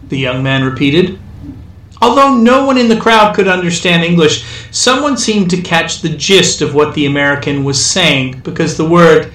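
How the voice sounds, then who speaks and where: A male storyteller reads with wry, dry comic timing. His voice is bright and sits a bit high. The sound is roomy and echoes, with the mic set some way off. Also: lively intonation, normal speed. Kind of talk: scripted narration. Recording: echoey room, distant mic.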